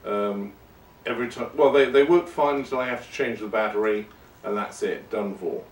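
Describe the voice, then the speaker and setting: Lowish guy rambling through a podcast, joking at his own expense, kinda far from the mic. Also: normal speed. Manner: rambling and self-deprecating. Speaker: podcast host. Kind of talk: casual monologue. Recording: roomy and distant from the mic.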